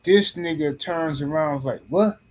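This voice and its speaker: A middle-aged man on a podcast panel tells a story casually, in a blunt, profane and animated way, often restarting his sentences. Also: fairly high pitch, moderate pace, husky.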